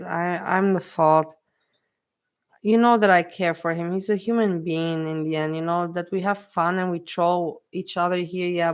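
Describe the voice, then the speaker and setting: A woman with a smooth, lowish voice chats casually on a livestream, getting emotional. She repeats herself and talks directly to her chat as the host.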